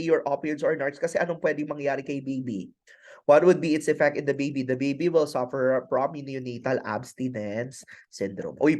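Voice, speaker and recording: A man's voice: medium pitch, darkish tone. Filipino man lecturing, quizzing his class. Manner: mixes Taglish, quizzes students, repeats key terms. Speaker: nursing pharmacology lecturer.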